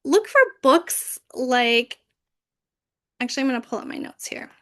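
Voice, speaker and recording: Woman, children's library presenter, higher voice, animated and playful. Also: a little slow. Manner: animated, bursts into big character voices when reading. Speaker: library youth services manager. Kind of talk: presenting a training session, reading picture books aloud.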